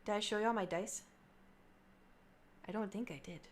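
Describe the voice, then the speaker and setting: A woman's voice: medium pitch, moderate pace, a little hiss or hum. A young adult woman livestreaming, chatting casually and rambling between topics with her viewers. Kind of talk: casual chat to stream viewers.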